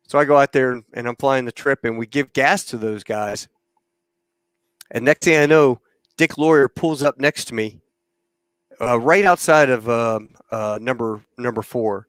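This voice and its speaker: A middle-aged man hosting a casual chat, telling an old flying story in an animated way and acting out the voices of the people in it. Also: medium pitch, clean tone, dry recording. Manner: animated storyteller who acts out quoted voices. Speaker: podcast host, former KC-130 pilot.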